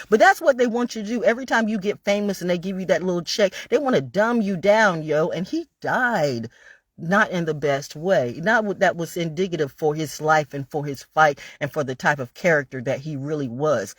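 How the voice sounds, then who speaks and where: Husky, profane woman ranting on camera. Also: on the low side, dry recording. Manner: profane, confrontational, emphatic; repeats phrases for emphasis. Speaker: online broadcaster. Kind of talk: ranting vlog monologue.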